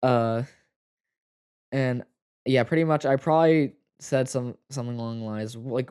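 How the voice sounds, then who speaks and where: A young man telling a personal story to the camera, halting and full of fillers, close to tears at times. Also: mid-range voice, steady tone, a little mellow, clean tone, no echo. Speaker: vlogger.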